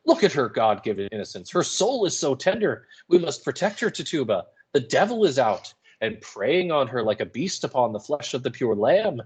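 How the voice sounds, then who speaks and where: A man's voice: medium pitch, big pitch swings, normal speed, hardly any pauses, darkish tone, husky, pitched above the performer's own voice. A man playing a fervent zealous minister. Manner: earnest, fervent, preacherly. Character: zealous male minister coaxing a confession.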